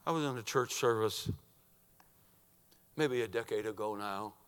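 A man preaching a sermon, telling a story dramatically and swinging from hushed near-whispers to loud emphatic cries. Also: lowish voice, unhurried, clean tone, long reverb tail.

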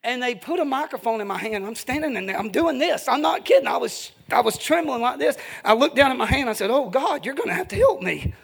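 Evangelist, male, very high voice with gravelly fry, fervent emphatic revival preaching. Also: quick pace, hardly any pauses, fairly bright tone. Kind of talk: evening revival sermon.

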